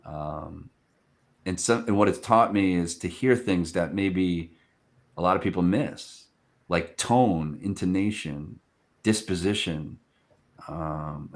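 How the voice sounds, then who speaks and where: A man hosting a podcast interview, telling stories in an animated way and acting out what people said. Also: low-pitched, slow. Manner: animated storyteller, acts out quoted speech. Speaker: podcast host. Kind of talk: casual interview chat.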